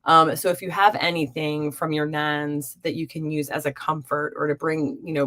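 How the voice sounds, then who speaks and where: A young adult woman hosting a live stream as a psychic reader, chatting warmly and encouragingly with viewers. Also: low-pitched. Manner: warm, encouraging and upbeat. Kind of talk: live-stream chat reading viewer comments.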